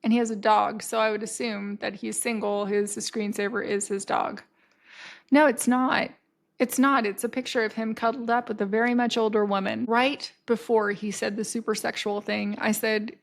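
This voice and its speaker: A young adult woman hosting her podcast, telling a personal story in a casual, animated way, swearing freely and acting out the lines of the people in it. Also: on the high side, moderate pace, vocal fry. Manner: animated, swears freely, acts out quoted dialogue. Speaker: podcast host.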